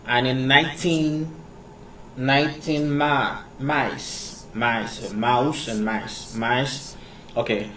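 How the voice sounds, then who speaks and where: A man gives an unhurried English lesson, halting and circling back over his words with plenty of fillers. His voice sits at a middle pitch. He is a fair way off the mic, with a faint hiss of background noise. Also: steady tone, pushed and bright, distant mic, poor audio. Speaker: English teacher. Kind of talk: casual teaching monologue.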